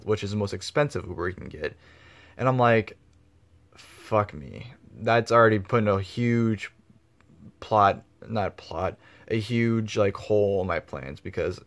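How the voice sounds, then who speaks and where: A man telling a story in a casual vlog, rambling with lots of fillers and swearing freely. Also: lowish voice. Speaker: vlogger.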